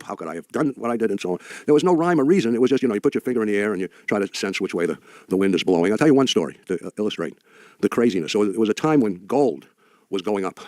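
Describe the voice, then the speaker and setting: An older man speaking to an audience, telling wry anecdotes in a halting way with frequent restarts. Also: lowish voice, darkish tone, no room sound. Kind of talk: anecdotal talk.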